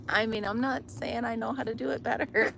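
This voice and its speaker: Amused hushed woman by a rushing river. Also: fairly high pitch, steady tone, vocal fry. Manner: amused, chatty, often hushed to a near whisper. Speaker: vlogger. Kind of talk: casual chat. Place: outdoors by a river. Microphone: phone. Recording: outdoor recording with loud river noise. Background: flowing river.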